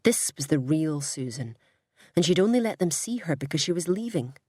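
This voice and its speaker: A woman reading a story aloud in a calm, unhurried narration. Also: low-pitched, dry recording, studio quality. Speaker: audiobook reader.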